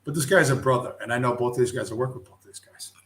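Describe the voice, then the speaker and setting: A man's voice: mid-range voice, racing, a bit bright. Blunt, profane middle-aged man streaming. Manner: blunt, heavily profane, heated. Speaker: livestream host. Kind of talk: profane casual rant. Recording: roomy echo.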